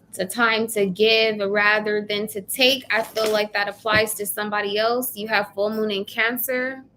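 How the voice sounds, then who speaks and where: Woman tarot reader, casual live session; blunt, chatty, a bit high in pitch. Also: fairly bright tone, slight background noise. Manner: chatty, blunt, swears casually, addresses viewers by name.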